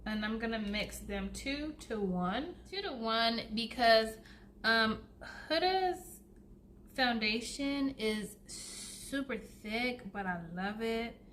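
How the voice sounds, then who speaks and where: A woman's voice: on the high side, very slow, a bit bright, a little hiss or hum. A woman, chatting casually to viewers through a makeup routine and calling them y'all. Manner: chatty, addresses viewers as y'all, laughs often. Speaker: beauty vlogger. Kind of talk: casual get-ready-with-me chat.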